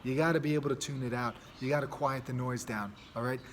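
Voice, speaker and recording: A man's voice: medium pitch, steady tone, fast talker, a little hiss or hum. A man hosting a podcast and coaching youth sports. He talks earnestly in a loose, casual monologue, restarting sentences and adding "right?" often.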